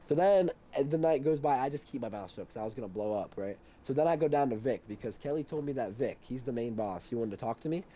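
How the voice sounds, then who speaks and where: A young man tells a heated work story at a quick clip, swearing freely and getting animated. His voice is mellow and warm rather than bright. There is a faint hiss of background noise. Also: mid-range voice, dull audio. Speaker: storyteller in a duo chat. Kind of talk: casual chat.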